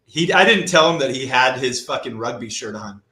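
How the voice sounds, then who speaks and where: Canadian man, podcast co-host, bright forceful voice, loose profane banter, roomy echo. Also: medium pitch, animated, brisk. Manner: swearing, joking banter. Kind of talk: casual chat.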